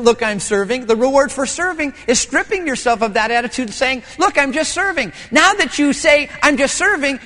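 Animated high-voiced male preacher. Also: in a large hall. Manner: animated storytelling, acting out voices and quotes. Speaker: pastor. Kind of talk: sermon.

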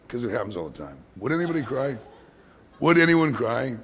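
A man preaching a sermon as pastor, swinging from hushed whispers to loud, emphatic lines. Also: mid-range voice, expressive, fairly quick, breathy edge. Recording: long hall reverb.

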